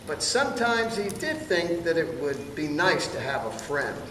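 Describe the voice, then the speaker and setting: A man's voice: a little high, sing-song, unhurried, fairly bright tone. A man reading a picture book aloud to children in a playful way, pointing out the pictures. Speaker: storybook reader. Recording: distant, echoey hall with room noise.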